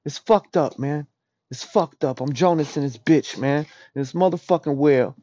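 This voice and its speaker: A man giving a raw, rambling, profane confessional monologue as a podcast host, often dropping to a low murmur. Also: moderate pace, mellow, no room sound. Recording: dull dry lo-fi recording.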